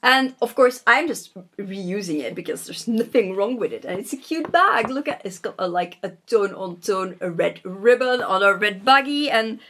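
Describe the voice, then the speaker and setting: A woman's voice: mid-range voice, lively intonation, normal speed, few pauses, fairly bright tone, a little hiss or hum. A woman knitting vlogger at home, talking casually and rambling with fillers and self-corrections, giggling now and then. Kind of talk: casual chat. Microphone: vlogging camera.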